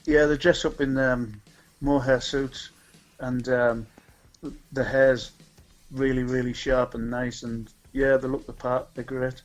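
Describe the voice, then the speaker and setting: A man's voice: medium pitch, level tone, a little slow, low-quality recording. A man with a North East English accent, raised in Scotland, chatting casually as a guest about a charity music event, rambling with many ums and restarts. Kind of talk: casual chat.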